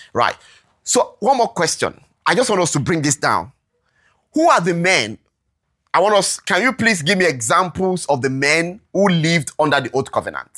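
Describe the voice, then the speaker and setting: Lively preacher teaching scripture, checking in. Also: mid-range voice. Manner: checks in constantly with "all right?" and asks the room questions; reads scripture slowly and deliberately. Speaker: Bible teacher. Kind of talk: interactive Bible teaching to a congregation.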